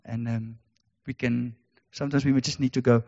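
Earnest preacher in an echoing hall. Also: male voice, mid-range voice, level tone, moderate pace, a little mellow. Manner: earnest, repetitive preaching with emphatic rhetorical questions. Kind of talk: sermon. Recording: dull sound in a reverberant hall.

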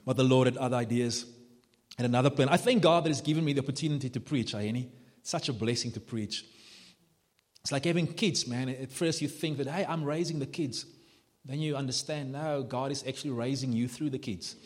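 A man preaching a sermon as pastor, passionate and animated, building to emphatic peaks. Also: mid-range voice, brisk. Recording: long hall reverb.

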